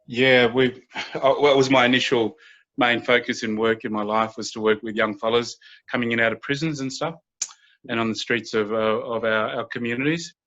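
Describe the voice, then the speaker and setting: A man speaks as a mentor in a calm, steady conversational manner. His voice is bright and forceful. The audio is dull and lo-fi. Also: medium pitch. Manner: steady and unhurried, often acting out quoted dialogue. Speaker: youth mentor and guest speaker.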